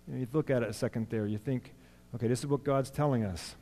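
A man's voice: mid-range voice, fast, warm tone. A man giving an informal sermon in a church, plain and conversational, with frequent fillers and restarts. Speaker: lay preacher. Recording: long hall reverb.

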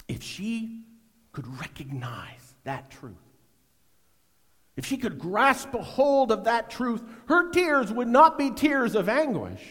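A middle-aged man preaching a sermon, swinging between loud emphasis and hushed, almost whispered lines. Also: sits high, big-room sound. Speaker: pastor.

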